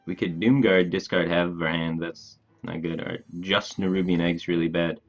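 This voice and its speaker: A man's voice: low-pitched, fairly even intonation, muffled recording, soft background music. A man streaming a card game live, thinking aloud through his moves and chatting casually with viewers. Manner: thinks aloud, plans moves in quick bursts; laid-back, talks to his chat casually. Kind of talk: live gameplay commentary.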